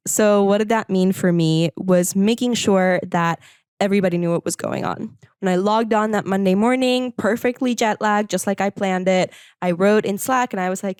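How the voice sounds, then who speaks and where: Lively woman chatting on a podcast. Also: medium pitch, normal speed, clean tone, no room sound, studio quality. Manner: animated, laughs easily. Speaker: podcast guest. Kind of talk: casual podcast conversation.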